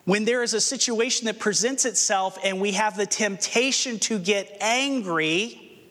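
A man preaching a sermon in an earnest manner, asking rhetorical questions and slowing down for emphasis. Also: high-pitched, a bit bright, big-room sound. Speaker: pastor.

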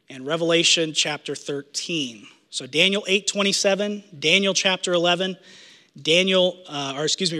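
A man's voice: high-pitched, sharp tone. A man preaching a sermon earnestly, repeating phrases for emphasis, in a church sanctuary. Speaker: pastor. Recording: long hall reverb.

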